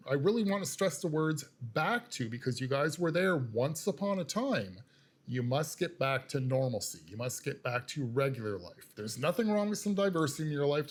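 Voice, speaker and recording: Man, political commentator, rant monologue, lecturing, emphatic, repetitive, mid-pitched voice. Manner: lecturing, emphatic, repetitive, addresses viewers as "you guys".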